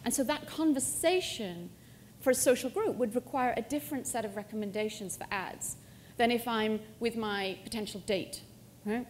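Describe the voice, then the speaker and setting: Woman, middle-aged, conference speaker; lively, jokey demo delivery, slightly high voice. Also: moderate pace, slight background noise. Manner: lively, joking, self-mocking. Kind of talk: live demo presentation. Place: conference hall stage.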